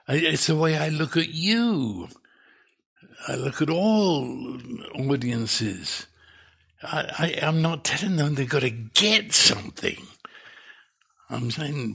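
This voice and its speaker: A man preaching a sermon in an emphatic, repetitive way, his voice climbing as he gets excited. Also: mid-range voice, unhurried, gravelly, husky. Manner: emphatic, repeats words, rising with excitement.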